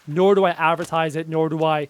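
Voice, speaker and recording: A man giving chatty live gameplay commentary, excitable and often yelping at enemies. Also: fairly high pitch, fairly quick, clean tone. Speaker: gaming YouTuber.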